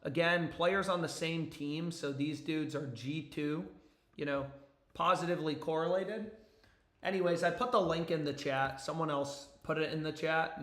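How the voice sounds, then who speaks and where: A young man chats on a live stream from his basement, his voice a bit higher than most men's. He rambles, swears freely and jumps between topics with rising excitement. The room gives his voice an echo. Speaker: sports betting streamer. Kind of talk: casual live-stream chat. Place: home basement.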